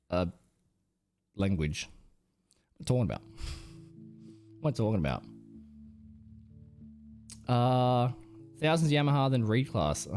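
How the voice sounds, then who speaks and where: A young Australian man streaming live, rambling through casual stories with plenty of swearing. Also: medium pitch. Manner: rambling, profane storytelling. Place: home streaming setup.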